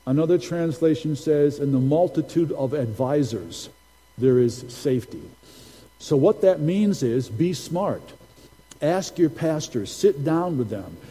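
A man's voice: mid-range voice, warm tone, husky, long reverb tail, rough recording. A man preaching a sermon as a prophet, telling stories and repeating key phrases for emphasis.

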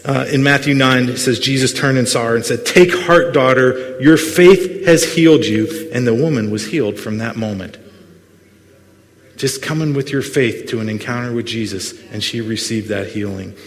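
A man's voice: medium pitch, fairly even intonation, moderate pace. A man preaching a sermon as pastor, earnest but full of playful jokes and asides to the congregation. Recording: long hall reverb.

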